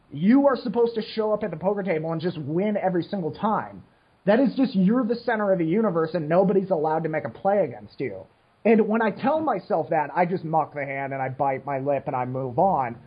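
Twenty-something guy ranting on a podcast, kinda husky, high voice, low on sleep. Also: animated, a little fast, dull audio. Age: 20s. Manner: rambling, frank, restarts often. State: short on sleep. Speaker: podcast co-host. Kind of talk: casual rant.

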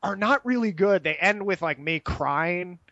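A man's voice: high-pitched, a little slow, dry recording, muffled recording. A young man telling a rambling, profane story in casual chat, laughing as he goes. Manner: animated, profane, laughs while telling stories.

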